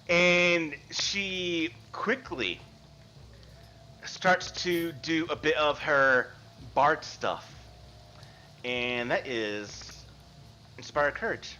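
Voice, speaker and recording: Male game master, animated narrator, bright forceful voice, dull lo-fi call audio. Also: on the high side, very slow, pauses often. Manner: animated, rules-explaining narration. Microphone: video call. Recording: dull lo-fi mic.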